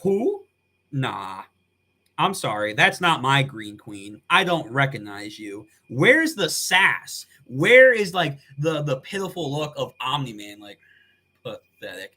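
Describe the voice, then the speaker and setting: A man's voice: mid-range voice, sing-song, slow pace, pushed and bright. A man reacting live on stream, talking in a casual, slangy way with frequent swearing and laughter.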